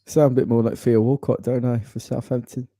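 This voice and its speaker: A man doing an impression of a young star striker, offhand and flat. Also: medium pitch, fairly quick, no room sound, clean studio sound, lightly acted.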